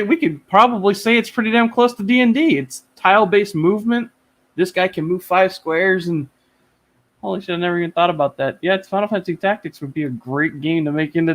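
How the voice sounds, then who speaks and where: Excitable man rambling over a video call. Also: sits high. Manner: excited, rambling, swears freely. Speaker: interview guest. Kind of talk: casual chat. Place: home.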